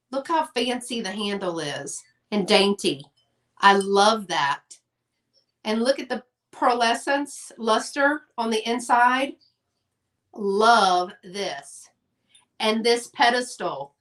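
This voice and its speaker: A woman's voice: on the high side, expressive, takes it slowly, a bit bright. A woman hosting a casual live-stream sale, chatty and gushing over her items.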